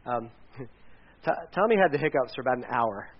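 A man's voice: medium pitch, expressive, a little fast. A man, a pastor, giving a casual, conversational sermon, rambling with restarts and side stories. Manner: chatty, rambling with restarts and asides. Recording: dull lo-fi recording.

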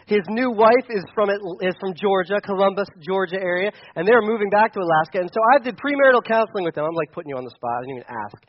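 A man's voice: high voice, expressive, fast, hardly any pauses, dull audio. A young man preaching a sermon as a pastor, conversational and storytelling, with frequent restarts. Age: young adult.

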